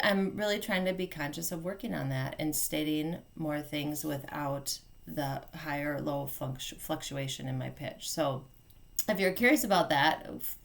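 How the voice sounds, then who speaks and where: A middle-aged woman gives friendly communication advice to parents in an easy, unscripted way. Her voice sits a bit low, with a gravelly fry in it. She chats along with fillers and quick self-corrections. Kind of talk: casual instructional talk.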